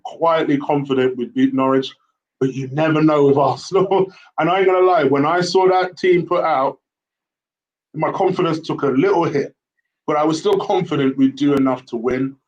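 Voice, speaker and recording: A man giving casual football player ratings, relaxed and a little hesitant with many fillers. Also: a little high, normal speed, lo-fi sound. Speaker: host football pundit.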